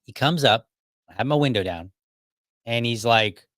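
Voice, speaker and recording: A man's voice: medium pitch, animated, normal speed, fairly bright tone, no echo, studio quality. A man hosting a podcast, telling a personal story in a casual, argumentative and wry way. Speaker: podcast host.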